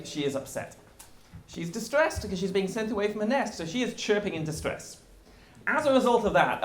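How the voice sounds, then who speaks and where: Lively man lecturing in an echoey room. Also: high voice. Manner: lively explaining with wry jokes. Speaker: guest rabbi. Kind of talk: conversational lecture.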